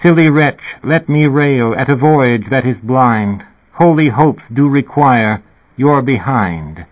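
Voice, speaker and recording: A man voicing a mysterious male deity heard on a tape, speaking slowly and loudly. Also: mid-range voice, animated. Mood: mocking. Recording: tinny phone-like radio sound.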